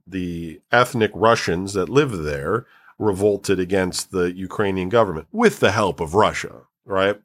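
A man with a somewhat low voice, talking casually in a loose, rambling way. He stops and restarts often and fills the gaps with "like" and "um" while he explains things at length. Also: fairly bright tone. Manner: rambling, many fillers and restarts. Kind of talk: casual chat.

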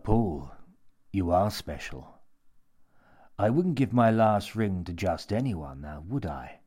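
A man's voice: lowish voice, darkish tone, heavily acted. A man voicing a sinister mad old man with pierced lips, speaking in a theatrical, wheedling, lecturing way.

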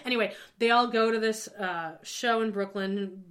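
A woman co-hosting a casual podcast, recapping a TV show in an animated way, swearing freely and acting out quotes. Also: mid-range voice, normal speed, a crowd in the background. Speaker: podcast co-host.

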